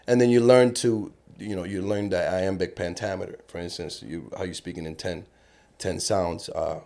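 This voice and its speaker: A man with a Cuban Spanish accent and a lowish voice talks as a guest on a casual podcast. He swears freely and jumps into little acted-out bits to make his point, his delivery animated and expressive. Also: normal speed, creaky. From Cuba. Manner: animated, profane storyteller who acts out lines.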